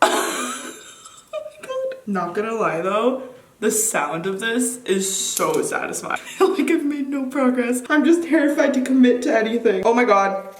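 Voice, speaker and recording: A woman's voice: fairly high pitch, expressive, normal speed. Girl vlogging at home, giggly and panicky, roomy echo, faint room hum. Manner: nervous, giggly, exclaiming often. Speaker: beauty vlogger. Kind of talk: casual vlog chatter. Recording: echoey room, mic a bit distant.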